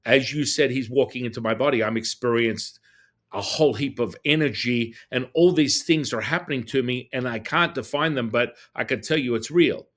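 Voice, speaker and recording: An excitable storyteller: a man at a mid pitch for his sex, speaking as a guest on a podcast. He animates his story by acting out the dialogue and often trips over his own restarts. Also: normal speed. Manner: excitable storyteller who acts out quoted dialogue; frequent restarts and repeated words. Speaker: guest, Taoist teacher.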